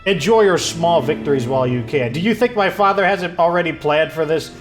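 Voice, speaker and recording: A cold, vengeful noblewoman villain sneers out her threats, as a man reads her lines from a game. The delivery sits a touch high, and soft music hums underneath. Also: fairly quick, natural voice. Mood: menacing. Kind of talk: reading game dialogue aloud.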